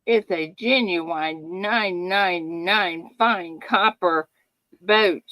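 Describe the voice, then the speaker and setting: Slow, low-pitched playful woman host. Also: a bit bright, dry recording, poor audio. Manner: playful, sing-song showman patter. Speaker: host of a live coin giveaway show. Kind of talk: casual live-stream chat.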